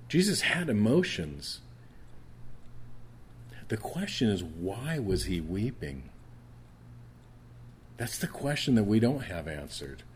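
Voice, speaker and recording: A middle-aged man preaching a sermon in an earnest, conversational way, often restarting his sentences. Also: fairly low pitch. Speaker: pastor.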